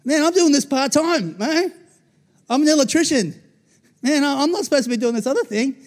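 A man doing a panicky part-time soldier yelling high. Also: animated, fairly quick. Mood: flustered.

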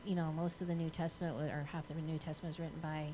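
A woman from the audience asking a question, halting, with many ums and restarts. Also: low voice, flat delivery, background noise.

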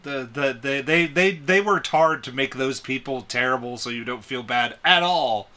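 A man's voice: mid-range voice, normal speed, sharp tone. A man co-hosting a podcast, chatting casually about a movie with lots of fillers and laughter. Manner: rambling, laughing, filler-heavy. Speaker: podcast co-host. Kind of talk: casual movie review chat.

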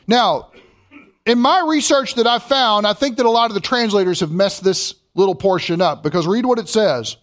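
Guy preaching, really high voice, slows right down on the verses. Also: lively intonation, fairly bright tone. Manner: emphatic, slows way down to read scripture. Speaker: pastor. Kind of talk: sermon.

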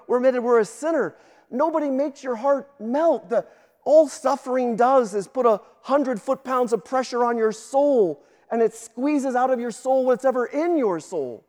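A man's voice: very high-pitched, a little mellow, big-room sound. A man, a guest pastor, preaching a sermon with emphatic delivery, often repeating words as he starts sentences.

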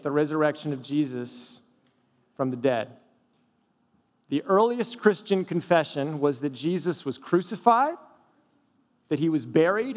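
A man's voice: on the high side, in a large hall. A man preaching a sermon as a pastor, conversational and humorous, asking the congregation rhetorical questions. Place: church sanctuary.

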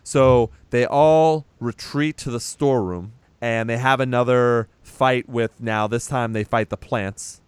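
A man's voice: mid-range voice, a little slow, few pauses, clear, resonant tone, no room sound. A man recapping a film in loose casual chat, swearing freely and laughing as he retells the scenes. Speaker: podcast co-host recapping a film.

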